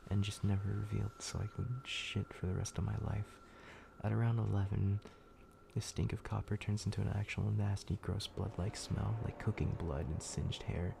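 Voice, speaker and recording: A man's voice: on the low side, vocal fry, noisy background. A man streaming, narrating a scary story in a casual, profane, laid-back way with frequent restarts.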